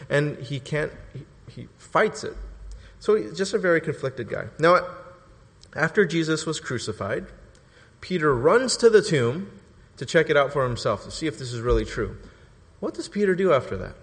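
A preacher with a somewhat high male voice tells his story with humor and plenty of animation. His words echo through the long reverb of a large hall. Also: moderate pace. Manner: lively storytelling with jokes and acted-out quotes. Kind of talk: sermon.

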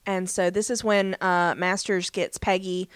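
Chatty woman recapping with dry, clear sound. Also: on the low side, flat delivery, unhurried, no room sound. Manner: chatty storytelling with many fillers. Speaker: podcast co-host. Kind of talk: casual episode recap.

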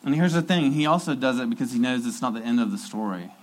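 A man's voice: mid-range voice, expressive, quick pace, rough recording. A man preaching a sermon in an earnest, emphatic way, repeating key phrases for weight.

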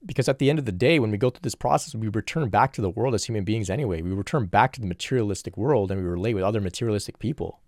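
A man's voice: on the low side, racing, few pauses, darkish tone, no echo, studio quality. A man in an earnest, reflective solo question-and-answer talk, working through spiritual questions from viewers.

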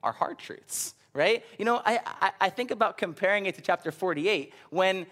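Young male pastor, lively conversational sermon. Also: sits high, moderate pace. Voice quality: stammers and repeats words. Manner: animated, conversational preaching with frequent "right?" asides.

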